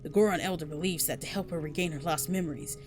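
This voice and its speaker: A woman reading the lines of a calm older male village shaman from a game, quick and earnest. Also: deep voice, over music, pitched below the performer's own voice, close to an everyday voice.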